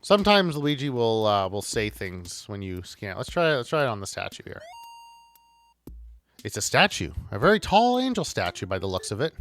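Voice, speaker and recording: A man's voice: lowish voice, sing-song, moderate pace, fairly bright tone. A man casually commenting on a video game he is playing, chatty and rambling. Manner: chatty, rambling, with many fillers and restarts. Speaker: let's play host.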